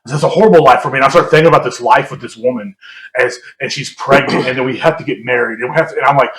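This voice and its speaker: A man's voice: mid-range voice, racing, fairly bright tone. A young man co-hosting a podcast, telling a long story in a rambling, self-mocking way and laughing often. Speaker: podcast co-host. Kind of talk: casual storytelling chat. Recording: roomy echo.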